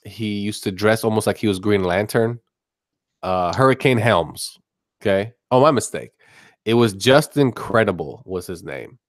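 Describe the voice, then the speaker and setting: A man's voice: lowish voice, expressive, normal speed, no echo, clean studio sound. A man chatting casually on a live stream, rambling through rants that build to a sarcastic punchline.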